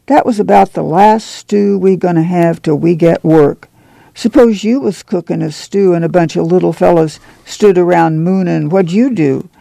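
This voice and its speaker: A man voicing a calm, steady mother of a poor family in a gentle, plain rural manner. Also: sits high, normal speed, vocal fry, no echo. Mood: calm firm.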